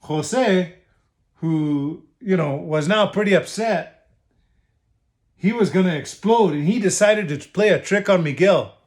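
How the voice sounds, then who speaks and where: A man's voice: high voice, unhurried, darkish tone. A man reading a picture book aloud to children, switching between languages and stopping to explain words. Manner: bilingual, explaining asides to children. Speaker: state official reading to children.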